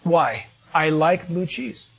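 A man's voice: fairly high pitch, takes it slowly, vocal fry, fairly bright tone, slightly rough. A man preaching a sermon, reading scripture and asking the congregation rhetorical questions. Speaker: pastor.

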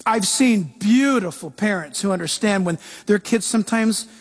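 A man's voice: high voice, expressive, normal speed. A man giving a casual Bible teaching talk, emphatic and repetitive, often restarting his sentences.

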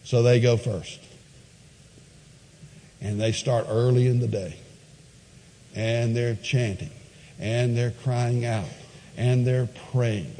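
A man preaching a sermon, retelling a scripture story with lively swings between quiet asides and high, excited quoted voices. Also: slow, pauses often, long reverb tail, a little hiss or hum, rough recording. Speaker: pastor.

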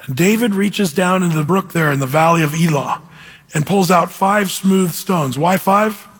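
A man preaching a sermon as pastor, lively and animated, acting out quoted voices. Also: high-pitched, moderate pace, breathy edge. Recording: hall reverb.

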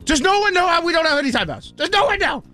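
Guy doing an ex-qb screaming at the tv, way up high, frantic, can't believe it. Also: sing-song, fast talker, exaggerated voice. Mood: exasperated yelling. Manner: frantic, yelling in disbelief. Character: famous ex-quarterback man screaming at a TV.

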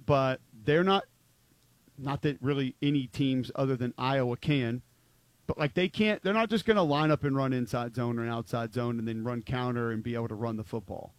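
This football talk show co-host has a medium-pitched voice and a moderate pace, with no room sound. He chats about sports casually and emphatically, rambling and saying "like" often.

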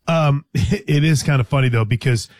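With a mid-range, darkish voice at normal speed, this man hosts a sports radio show recorded studio-clean with no room sound. His football talk with a co-host is conversational, full of hesitant restarts and light teasing.

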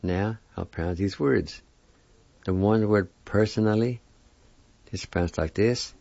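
In a dull lo-fi recording, a man with a lowish, creaky, mellow voice gives a language lesson. The sound is dry. He spells words out letter by letter and sounds them out one syllable at a time.

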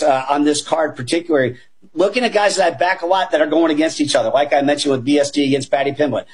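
A high-pitched, husky man talks through his fight picks with punchy enthusiasm. He keeps turning to his panel and leans hard on his favorite points. His delivery has the drive of a seasoned betting analyst on a sports show. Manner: energetic, emphatic, keeps addressing the panel as guys. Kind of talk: animated betting talk show chat.

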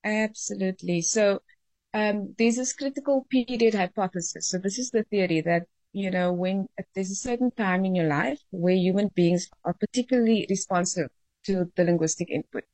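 A woman's voice: mid-range voice, moderate pace, a little mellow, no room sound. A woman, a linguistics professor, explaining ideas in a friendly radio interview with frequent fillers.

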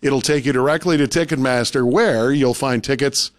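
A man co-hosting a radio show, chatting casually and reading out event listings in a brisk, list-like way. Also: medium pitch, dry recording, studio quality. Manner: reads event details in a brisk, listy way. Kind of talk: casual radio chat and announcements.

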